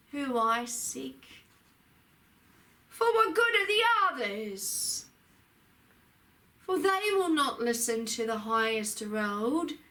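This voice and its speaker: A woman channeling a spiritual message in a slow, solemn preaching delivery with emphatic rises. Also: sits high, sharp tone, distant mic. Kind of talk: channeled sermon.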